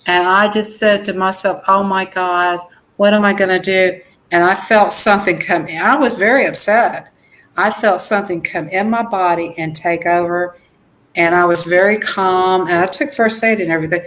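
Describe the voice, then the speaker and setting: Older woman telling a slow story. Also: on the low side, steady tone, a bit bright, rough recording. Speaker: co-host of family livestream. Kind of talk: casual storytelling.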